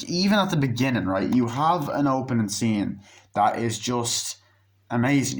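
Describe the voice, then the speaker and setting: A man giving a casual spoken movie review. He rambles, swears often, and uses lots of fillers. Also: medium pitch. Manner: rambling, profane, with lots of fillers and acted-out dialogue.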